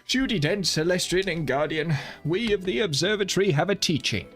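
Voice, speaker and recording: A man voicing an old, grave male lord from a game, with a solemn, stately delivery and a lowered voice. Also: expressive, brisk, a bit bright.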